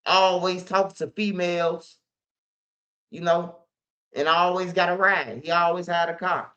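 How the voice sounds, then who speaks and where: Unhurried and steady, his high voice bright and forceful, the street news host retells a story with slang, profanity and emphasis. It's a casual monologue recorded in dull lo-fi sound.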